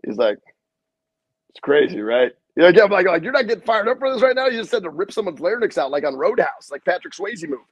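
A middle-aged man with a husky voice tells coaching stories in a casual interview. He is animated and acts out the quotes, with salty language. The sound is dry and close. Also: sits high, fast, no echo, muffled recording. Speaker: head basketball coach, guest.

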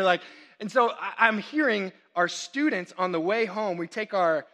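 Bright-voiced young male pastor, animated. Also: sits high. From Texas. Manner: animated storytelling with quick asides. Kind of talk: sermon.

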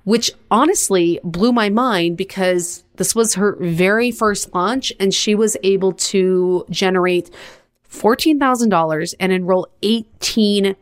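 Woman podcast host, blunt n chatty, rambles a bit, average pitch. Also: unhurried. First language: bilingual, English and French. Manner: blunt and to the point; chatty, upbeat, rambling asides. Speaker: podcast host and business coach. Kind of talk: casual podcast monologue.

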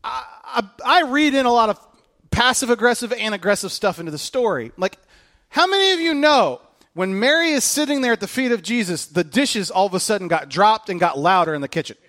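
Male preacher, casual sermon; animated, bouncy, high voice. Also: fairly quick. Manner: animated, conversational, joking.

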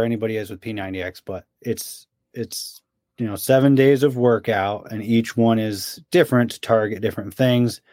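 A man's voice: medium pitch, no room sound. A storytelling man on a dry mic. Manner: animated storyteller, mimics his friend's complaints. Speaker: podcast co-host. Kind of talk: casual storytelling chat.

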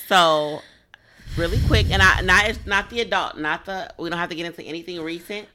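A woman hosting a podcast, asking questions in a relaxed, chatty way. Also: fairly low pitch, moderate pace, slight background noise. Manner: relaxed, chatty, laughs easily. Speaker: podcast host, interviewer. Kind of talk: casual interview.

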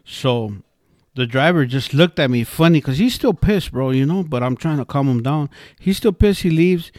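A man's voice: on the high side, lively intonation, normal speed, a little mellow, no room sound, studio quality. A man telling a story in a casual, rambling way, earnestly repeating words and restarting his sentences. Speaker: interviewee sharing life philosophy.

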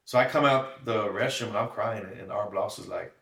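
A man's voice: on the low side, fairly quick, vocal fry, a bit bright. A man giving a tearful, shaky personal testimony, acting out the dialogue in his story. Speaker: guest. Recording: echoey room, mic at a distance.

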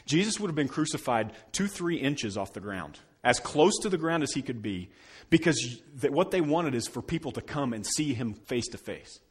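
A man preaching a Good Friday sermon in a conversational, expressive way, dropping to quiet moments for emphasis. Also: medium pitch, moderate pace, slightly rough. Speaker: pastor.

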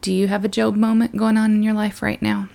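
A woman's voice: medium pitch, little pitch movement, fairly quick, gravelly, a little mellow. A young woman who works in children's ministry, giving an earnest, conversational devotional talk.

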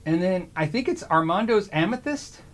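The host of this loose livestream show has a notably high voice and talks at a normal speed. Excitable and stammering, he often stops mid-sentence and restarts.

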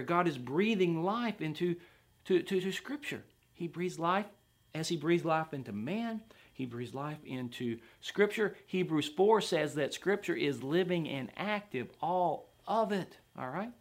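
A man preaching a sermon in an animated way, sometimes acting out doubters in a higher voice. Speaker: pastor.

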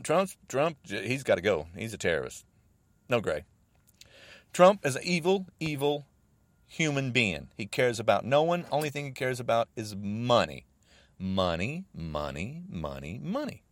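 An agitated American man rants with a voice that leaps from high, strained outbursts down to low mutters. His pitch sits a little high for a man, and the sound is dry and close, with no room around it. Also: no room sound. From United States. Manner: agitated, repetitive, swinging between shouting and muttering. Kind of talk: angry political rant.

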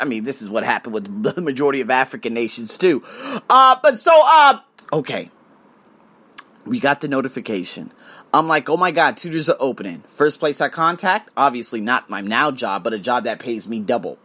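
Guy ranting to his vlog cam, cursing a ton, voice jumps all over, kinda high. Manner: animated, swears often, acts out conversations. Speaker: English tutor vlogging. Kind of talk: casual rant to camera. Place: living in Thailand.

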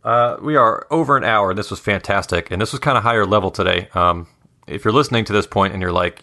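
Low-voiced man, bright tone, podcast host. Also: fairly quick. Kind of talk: casual wrap-up.

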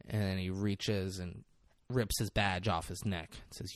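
A man in casual podcast chat, retelling a film scene with animated, loud impressions and lots of swearing. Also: deep voice, unhurried, no echo, clean studio sound. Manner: animated, acts out quotes loudly, swears a lot.

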